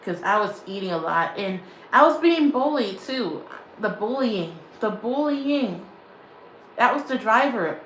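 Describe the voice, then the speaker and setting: A woman's voice: on the high side, animated, measured pace, a bit bright, roomy sound, slight background noise, rough recording. A woman vlogger chatting casually to her stream, rambling and repeating herself, laughing often. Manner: rambling and repetitive, often restating phrases; laughs often while talking. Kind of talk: casual livestream chat.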